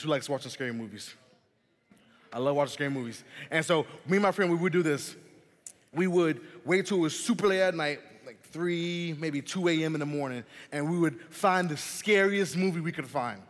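Young guy youth pastor, kinda high voice, chatty and animated, big hall echo. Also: a little fast. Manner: animated, chatty, keeps saying "man" and "listen". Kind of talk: youth sermon with personal storytelling. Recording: long hall reverb.

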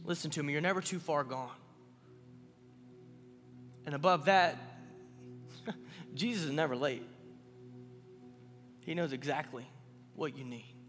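A man preaching a youth sermon, moving between quiet pleading and loud calls. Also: on the high side, a little slow, long pauses, in a large hall, soft background music. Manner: builds from hushed pleading to loud shouting. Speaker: youth pastor.

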